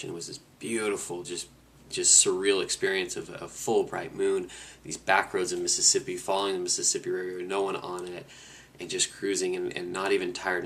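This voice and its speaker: Gravelly low-voiced man recapping a ride. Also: a little hiss or hum. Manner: rambling, restarts often, relaxed storytelling. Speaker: motorcycle rider on a cross-country trip. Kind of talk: casual spoken recap.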